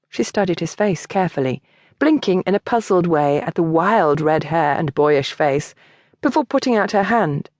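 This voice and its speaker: Expressive woman reading an audiobook. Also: fairly low pitch, normal speed, no room sound, clean studio sound. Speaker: audiobook narrator. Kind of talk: scripted narration.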